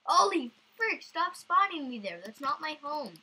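A woman's voice: sits high, very animated, unhurried, pushed and bright, poor audio. A woman doing goofy let's-play commentary, bursting into sudden squeals. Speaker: gamer.

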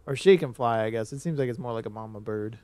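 A man's voice: medium pitch, fast talker, no room sound. Rambling male game streamer. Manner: rambling, with sudden excited outbursts. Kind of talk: casual gameplay commentary.

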